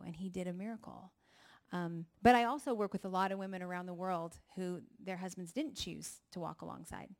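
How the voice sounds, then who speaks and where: Middle-aged woman, testimony speaker, animated storyteller who acts out voices. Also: fairly low pitch, a little fast, creaky. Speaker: speaker at a ministry gathering. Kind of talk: personal testimony talk.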